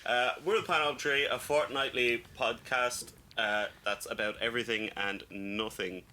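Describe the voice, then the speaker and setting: A man co-hosts a casual podcast, leading the banter with a joking, playful manner. His voice sits at a middle pitch, and a steady hiss runs under the recording. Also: normal speed. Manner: joking, playful, leads the intro. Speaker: podcast co-host. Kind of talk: casual comedic chat.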